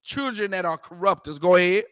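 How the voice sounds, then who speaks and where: High-pitched guy teaching scripture class, repeats himself, street slang, keeps asking questions. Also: brisk, a bit bright, clean tone, no echo. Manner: emphatic, repetitive, street slang, rhetorical questions. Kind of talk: preaching scripture commentary.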